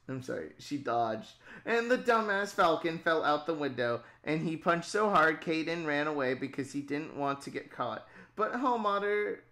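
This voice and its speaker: A woman narrating a silly improvised tale for friends on a livestream. She talks at an unhurried pace and keeps slipping into giggles. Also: deep voice, a bit bright. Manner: giggly, often breaking into laughter mid-story. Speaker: storyteller. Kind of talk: casual comedic storytelling on a stream.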